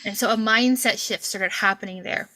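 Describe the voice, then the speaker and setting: Woman in her 40s hosting a podcast over a video call, bright voice, laughs a lot while telling her story. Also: mid-range voice, moderate pace, rough recording. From Kentucky, USA. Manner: animated storyteller, acts out quoted voices, laughs often. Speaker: podcast host.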